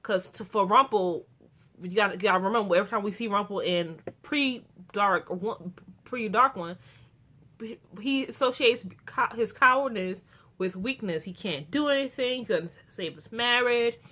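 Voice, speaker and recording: A young woman who reviews TV shows recaps an episode in a loose, rambling way, restarting often and filling gaps with fillers. Her voice is medium-pitched at a normal speed, and she gets animated and excited talking about the characters.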